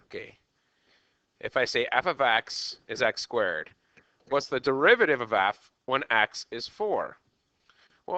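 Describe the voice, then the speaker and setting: Lively, bright-voiced male math teacher. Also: medium pitch, no room sound, highs cut off. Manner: animated, repeats "okay" often. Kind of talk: classroom lecture.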